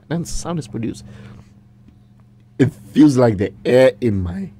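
A man with a breathy, breaking voice that often drops near a whisper, telling a story animatedly as a guest in a radio studio. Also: mid-range voice, unhurried. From Ghana. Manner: animated, emphatic, repeats himself. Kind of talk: casual radio interview, storytelling.

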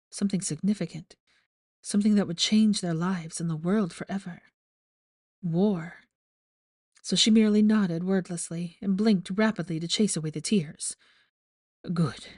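A woman reading fan fiction aloud with steady, measured storytelling. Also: on the low side, no echo, clean studio sound. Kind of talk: audiobook narration.

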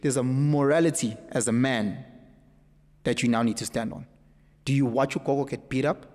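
South african man, fairly high voice, emphatic and animated, reverby room. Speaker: podcast guest. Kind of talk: casual conversation. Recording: echoey room with long reverb.

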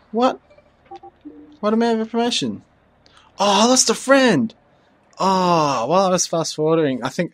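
A young man giving rambling, jokey commentary over his own gameplay, easily excited. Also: mid-range voice. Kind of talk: casual let's play commentary.

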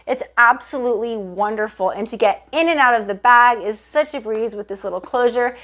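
Higher-voiced woman, bubbly and gushing, casual handbag review vlogger talking to her viewers. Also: fairly quick, a bit bright. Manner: gushing, enthusiastic, addresses viewers as "you guys". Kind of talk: casual product review vlog.

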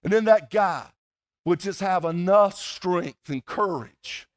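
A pastor from South Georgia with a Southern US accent, preaching a folksy, conversational sermon at a church service, with playful asides to the congregation. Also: male voice, high voice, takes it slowly. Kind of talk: sermon with prayer and personal storytelling.

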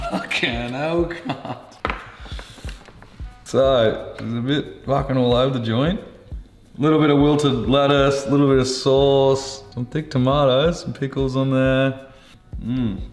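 An Australian man hosts a casual cooking vlog with easygoing banter and plenty of swearing. His mid-range voice bounces around a roomy kitchen. Music plays clearly underneath him. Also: mid-range voice. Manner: crude, swears freely, laid-back banter. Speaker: cooking show host. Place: home kitchen.

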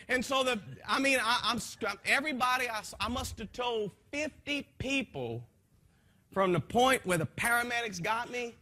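Man, high-pitched, bright, husky, impassioned testimony, folksy, rambling, soft to loud. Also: lively intonation, moderate pace. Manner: folksy, rambling, with frequent restarts. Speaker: speaker giving a testimony. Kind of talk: emotional spoken testimony to a gathering.

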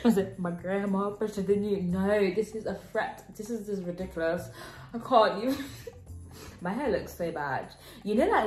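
A woman's voice: fairly low pitch, a little mellow. A teenage girl, chatting in a casual reaction vlog, giggly and self-mocking. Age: teens. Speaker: vlogger. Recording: roomy echo, faint music.

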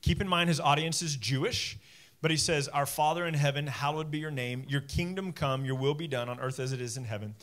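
A man's voice: fairly high pitch, a little fast. Man in his forties preaching animatedly. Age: 40s. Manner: conversational, animated preaching with asides. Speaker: pastor. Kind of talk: sermon.

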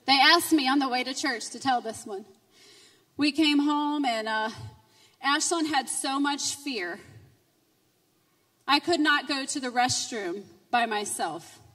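A middle-aged woman giving an emotional personal testimony at a church conference, moving from quiet storytelling to loud, fervent preaching. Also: high-pitched, measured pace, pauses often. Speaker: conference speaker. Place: church sanctuary. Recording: reverberant hall, distant mic.

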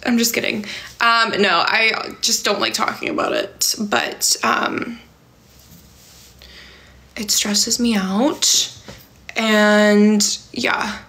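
Young woman, slightly high voice, casual rambling livestream host. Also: pushed and bright. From California. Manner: rambling and filler-heavy, many "like" and "um". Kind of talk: casual livestream chat, reading viewer comments.

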